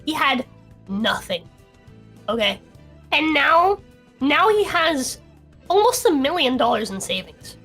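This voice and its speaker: A woman's voice: high-pitched, sing-song, slow pace, pauses often, fairly bright tone, faint music behind. A young woman, drunk and swearing heavily, ranting on a casual streamed podcast as co-host.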